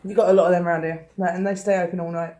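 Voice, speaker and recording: A woman's voice: lowish voice, flat delivery, racing, dark tone, roomy sound. A young woman adding comments to a shared story in casual chat. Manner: interjecting, laughing along. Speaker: daughter chiming in.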